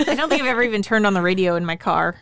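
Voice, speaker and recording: A woman's voice: mid-range voice, lively intonation, very fast, fairly bright tone, clear, resonant tone. A woman co-hosting a podcast, chatting casually and playfully, often laughing as she asks questions. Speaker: podcast co-host. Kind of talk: casual chat.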